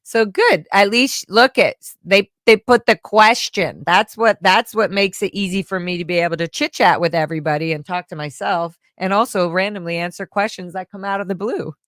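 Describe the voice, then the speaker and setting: A woman's voice: medium pitch, normal speed, hardly any pauses, a bit bright, no echo, clean studio sound. A woman hosting a casual livestream. She chats, giggles, and reads viewers' comments aloud into a microphone. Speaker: livestream host. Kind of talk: casual live chat answering viewer questions.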